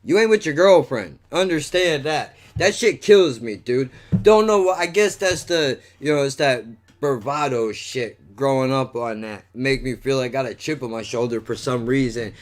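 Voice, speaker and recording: A man hosting a podcast, telling a story in a casual, animated, profane way and saying "dude" and "bro" a lot. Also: mid-range voice. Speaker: podcast host.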